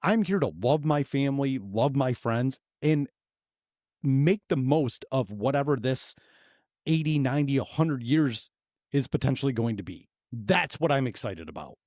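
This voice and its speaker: Forties male podcast host, excitable and crude, animated pitch, dry studio sound. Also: normal speed, no room sound. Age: 40s. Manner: loud, profane, laughing, excitable. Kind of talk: casual podcast chat.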